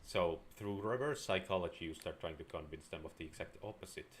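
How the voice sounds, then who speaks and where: A man's voice: sits low, a little fast, slight background noise. A man streaming a video game live, chatting with dry, sarcastic, rambling asides. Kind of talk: live gameplay commentary.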